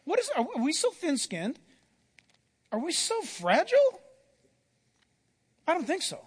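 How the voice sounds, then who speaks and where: A man preaching a sermon, telling Bible stories with animated delivery and acting out the characters' voices. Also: extremely high pitch, measured pace. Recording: long hall reverb.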